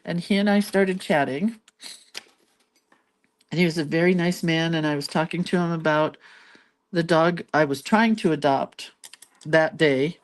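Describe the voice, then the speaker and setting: Chatty woman with a lowish voice. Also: unhurried, long pauses. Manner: chatty, rambling, laughs between lines. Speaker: lettering and doodling channel host. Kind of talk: casual storytelling.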